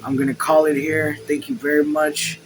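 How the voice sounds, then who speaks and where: A man hosting a casual book read-along at home, reading the text and even the punctuation aloud, then breaking off into excited, swear-filled asides. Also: a little high, normal speed, music in the background, low-quality recording. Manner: reads quotes and punctuation marks aloud. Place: his room at home.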